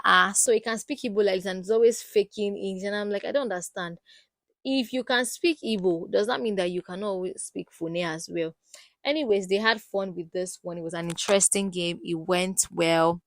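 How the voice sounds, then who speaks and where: A woman with a Nigerian accent recapping a reality show in a casual, gossipy way, animated and full of exclamations. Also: mid-range voice, no echo, clean studio sound. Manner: animated, exclamatory, swinging loud and soft.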